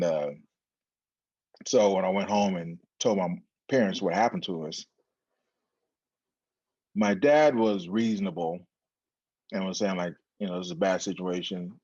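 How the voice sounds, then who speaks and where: Low-voiced man telling his story. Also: slightly rough, no echo, lo-fi sound. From San Diego, USA. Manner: animated, acts out quoted dialogue. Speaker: interview guest. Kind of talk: conversational storytelling.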